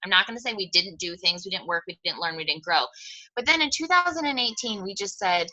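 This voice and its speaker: A woman's voice: lowish voice, a little fast, pushed and bright, dull audio. A woman coach giving a motivational talk to her team, candid and emphatic, with mild swearing and self-deprecating humor.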